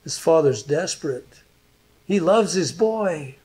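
A middle-aged male pastor preaching in an unhurried way. His voice sits a little high for a man, and he lets heartfelt lines hang in long pauses. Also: expressive, warm tone, husky. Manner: slow, earnest, emotional preaching with pauses. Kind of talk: sermon.

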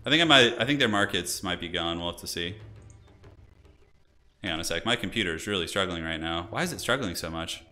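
A man's voice: sits low, expressive, fairly quick, bright, forceful tone, soft background music. A young man streaming a strategy game, chatting casually and thinking aloud as he plays. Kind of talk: casual gameplay commentary.

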